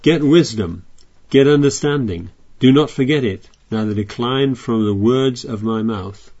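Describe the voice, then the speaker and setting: A man's voice: medium pitch, unhurried, a little mellow, dull audio. A man preaching a sermon, reading scripture aloud and explaining it in a chatty way with frequent restarts.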